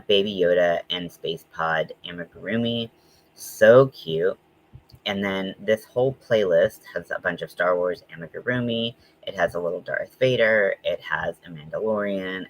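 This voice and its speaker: A man hosting a casual livestream, chatting in a rambling way with frequent ums and quick asides. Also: sits low, a bit bright, slight background noise, rough recording. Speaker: host.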